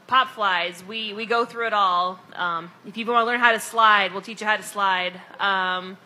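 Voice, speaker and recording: A woman's voice: mid-range voice, steady tone, normal speed, sharp tone. A woman in her thirties co-hosting a casual podcast chat, chatty and a little tipsy, laughing as she talks. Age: 30s. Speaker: podcast co-host and event organizer.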